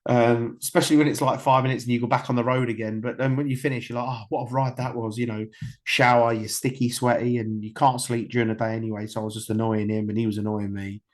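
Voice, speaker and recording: Speaking fast and with a flat delivery, a medium-pitched man from the UK in his thirties shares candid, conversational stories as a podcast guest. His talk rambles, dotted with filler words, restarted sentences and swearing.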